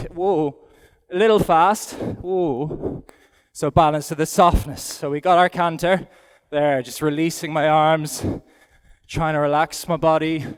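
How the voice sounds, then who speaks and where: A man's voice: a little high, clean tone. Irish man riding and talking, echoing arena. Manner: talks aloud while riding, chatty and self-deprecating. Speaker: event rider giving a riding demonstration. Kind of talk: live demonstration commentary. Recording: long hall reverb from an arena.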